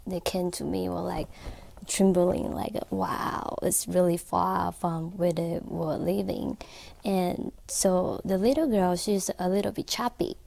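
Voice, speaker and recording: A woman, an accessory designer, telling a story as an interview guest in a filming studio. Her English is halting and full of fillers. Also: fairly low pitch, steady tone, vocal fry, mellow, dry recording. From Taiwan. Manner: halting non-native English with frequent fillers.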